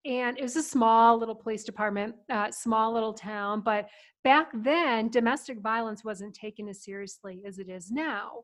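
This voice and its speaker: A middle-aged woman from Ohio hosting, telling family stories in a chatty, animated way with frequent laughter. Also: a little high, moderate pace. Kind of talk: casual storytelling.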